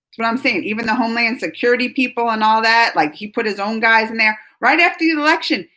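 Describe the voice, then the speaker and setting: Chatty woman, a bit high. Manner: rambling, gets worked up then trails off quietly. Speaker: livestream host reading chat. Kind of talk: casual live chat.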